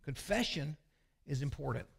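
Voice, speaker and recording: A man, a pastor preaching a sermon with folksy, confessional storytelling that often sinks to a low murmur. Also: expressive, moderate pace, gravelly, husky. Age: 60s.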